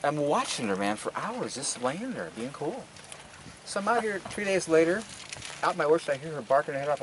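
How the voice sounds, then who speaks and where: An older man giving a casual, enthusiastic tour of his garden and orchard outdoors, talking in a folksy way that stumbles and repeats words. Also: mid-range voice. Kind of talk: casual guided garden walk. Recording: outdoor field recording with steady background noise.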